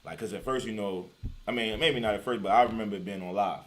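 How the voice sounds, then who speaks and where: A man hosting a casual chat, relaxed and full of fillers. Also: on the low side, quick pace. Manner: relaxed, filler-heavy reactions. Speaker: podcast host.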